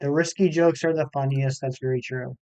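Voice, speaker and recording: Chatty male game streamer, smooth voice. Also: mid-range voice, fairly even intonation, fairly quick, darkish tone, dry recording, muffled recording. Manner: chatty, reads chat aloud, self-deprecating. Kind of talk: live stream chat while gaming.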